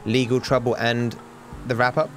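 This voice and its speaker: A man's voice: mid-range voice, level tone, normal speed. An Australian man giving live video game commentary, talking anxiously and stammering with repeated words. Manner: anxious, stammering, swings into panicked outbursts.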